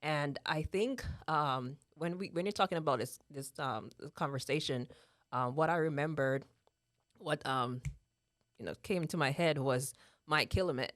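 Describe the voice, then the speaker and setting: As a guest in a casual conversation, this woman in her thirties from Jamaica talks earnestly in a Jamaican accent, often ending with "right?", laughing frequently and repeating herself. Her deep voice is a bit bright and moves at a normal speed. It's a dry, studio-quality recording.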